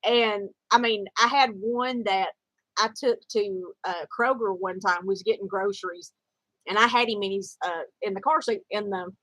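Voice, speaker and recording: A woman's voice: mid-range voice, moderate pace, fairly bright tone, no echo, rough recording. A middle-aged woman, telling a casual story in a rambling way with lots of fillers and restarts. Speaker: vlogger.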